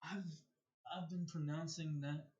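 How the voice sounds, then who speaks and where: A man's voice: a little high, fairly even intonation, a little mellow, highs cut off. An American man casually telling a personal story on a live stream, stumbling and repeating words as he goes. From United States. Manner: halting, repeats words and restarts often.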